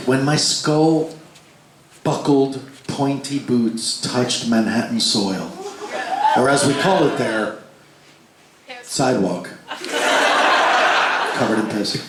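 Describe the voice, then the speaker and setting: A man telling a story live between songs, animated and swinging his pitch for the voices he quotes, swearing freely. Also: takes it slowly, pauses often, heavy background noise. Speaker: stage performer telling a story. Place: large concert hall before a live crowd. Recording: echoey live hall with crowd.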